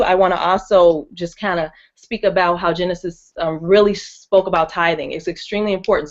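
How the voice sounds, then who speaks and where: A woman teaching about faith and money in an earnest, encouraging way, often restarting her sentences with fillers. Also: on the low side. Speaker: ministry co-host. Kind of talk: faith-based finance teaching. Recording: muffled lo-fi audio.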